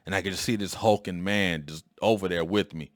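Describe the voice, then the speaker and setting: A man's voice: deep voice, fairly even intonation, a little fast, no room sound, clean studio sound. A man in his forties hosting a podcast, telling a childhood story in a rambling, conversational way with many fillers and restarts. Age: 40s. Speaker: podcast host. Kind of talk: casual storytelling monologue.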